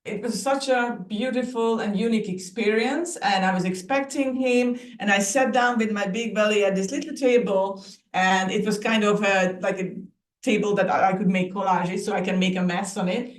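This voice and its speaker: A woman artist tells her story as a podcast guest, speaking warmly, laughing easily and restarting her sentences now and then. Her voice sits at a middle pitch. The recording has a noticeably roomy, echoey sound. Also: fairly even intonation, normal speed, distant mic. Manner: warm, laughing easily, talks with small restarts. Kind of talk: casual interview chat.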